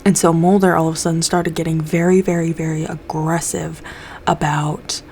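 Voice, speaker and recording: A woman's voice: sits low, flat delivery, normal speed, a little mellow, a little hiss or hum. A young woman casually recapping a TV episode, loose and profane, acting out the characters' lines as she goes. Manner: loose, swears a lot, acts out characters' lines.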